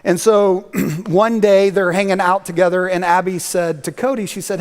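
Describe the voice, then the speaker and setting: A man's voice: high-pitched, steady tone, moderate pace, few pauses, smooth. A man preaching a sermon as a guest speaker, telling stories in a loose, conversational way with many fillers. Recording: long reverb of a church hall.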